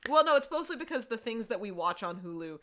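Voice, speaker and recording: A woman in her thirties co-hosting a casual chat show, quick, wry and questioning. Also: on the high side, sing-song. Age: 30s. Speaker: podcast co-host.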